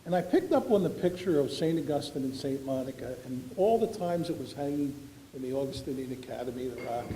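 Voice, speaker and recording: A man's voice: medium pitch, fairly quick, mellow, a little hiss or hum. A man, giving an after-dinner award speech full of folksy, self-deprecating anecdotes. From Philadelphia. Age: 70s. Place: large banquet hall. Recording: echoey banquet hall recording.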